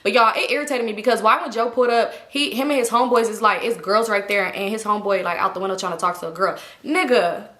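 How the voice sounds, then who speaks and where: A young woman telling a storytime tale to her viewers in a casual, animated, slangy and profane way. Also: medium pitch, fast, few pauses, reverberant. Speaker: storytime vlogger.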